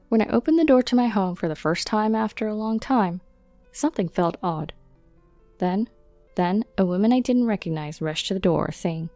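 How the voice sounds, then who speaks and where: A woman narrating her own story in the first person in a steady, matter-of-fact way. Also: mid-range voice, dry recording.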